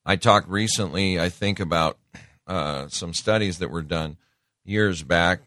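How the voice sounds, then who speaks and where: Guy preaching casual, deep voice, lots of um and you know, dry mic. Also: unhurried, bright, forceful tone, dry recording. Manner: conversational, folksy, with many fillers and asides. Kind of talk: casual sermon.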